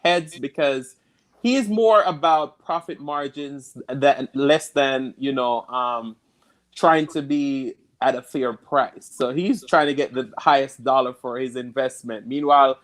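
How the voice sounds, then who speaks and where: A man from Jamaica with a Jamaican accent, telling stories in a relaxed interview chat and laughing easily. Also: medium pitch, unhurried. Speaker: guest.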